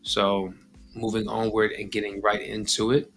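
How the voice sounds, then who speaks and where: A man's voice: fairly low pitch, monotone, fairly bright tone, faint music behind. A man hosting a livestream in a casual, playful and theatrical way. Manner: playful, theatrical, drawn-out delivery. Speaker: host of a compost channel livestream.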